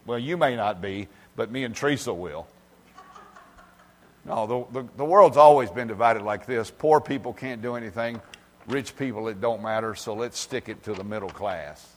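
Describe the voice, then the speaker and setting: A man preaching an informal sermon, talking directly to people by name and swinging from loud emphasis to quiet asides. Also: fairly low pitch, normal speed, big-room sound, a little hiss or hum. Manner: folksy, talks directly to congregation members by name. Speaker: pastor. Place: church.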